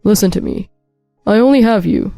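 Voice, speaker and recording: A woman's voice: medium pitch, expressive, moderate pace, gravelly, warm tone, no echo, soft background music. A woman voicing a cheating husband who begs and insists, in a narrated story. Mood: pleading. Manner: begging, insistent. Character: pleading cheating husband, adult man.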